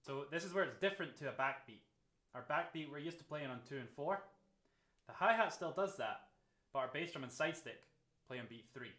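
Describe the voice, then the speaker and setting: A man, a drum teacher calmly explaining a groove and counting beats aloud. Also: on the high side, fairly quick. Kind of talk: instructional explanation. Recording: roomy echo.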